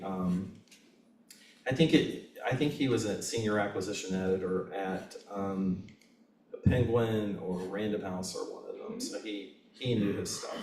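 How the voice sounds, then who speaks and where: A man with a lowish voice speaks earnestly about his writing, pausing and circling back with plenty of ums. He is picked up from a distance in a roomy, echoing space. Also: darkish tone. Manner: earnest, reflective, many pauses and fillers. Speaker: author at a book reading. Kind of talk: Q&A answers at a reading. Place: bookstore event space. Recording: echoey room, voice from afar.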